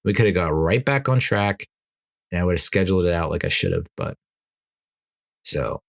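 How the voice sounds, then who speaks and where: A deep-voiced man chatting alone into a podcast mic, telling stories in a loose, rambling way. He laughs between sentences and breaks into exasperated asides. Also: wildly swooping pitch, moderate pace, vocal fry. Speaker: podcast host. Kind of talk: casual solo podcast chat.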